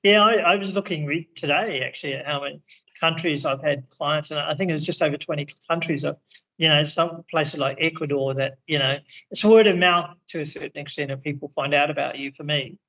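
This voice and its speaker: A man's voice: on the high side, fairly quick. Rambling man on a muffled video call. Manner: rambling, many restarts and fillers. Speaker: spiritual teacher and regression therapist. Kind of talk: casual video call conversation. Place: indoors in India, evening.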